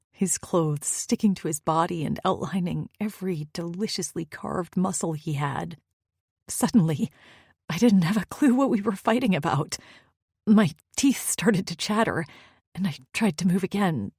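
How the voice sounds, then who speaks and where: A woman's voice: lowish voice, breathy edge, dry recording, studio quality. A woman narrating a first-person romance audiobook in an intimate, often near-whispered manner.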